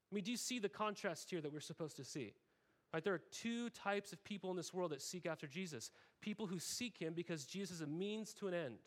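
A pastor from Oregon in his thirties gives a casual, chatty sermon in a higher-than-usual, slightly bright voice. He often tags lines with "right?" to check in with the congregation and puts on little voices for the people he quotes.

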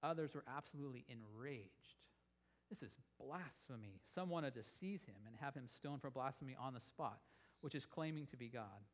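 A man's voice: medium pitch, a little fast. A man preaching a sermon on scripture, telling the story with energy and raising his voice for emphasis. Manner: animated storytelling, rising with emphasis. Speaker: pastor. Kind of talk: sermon teaching.

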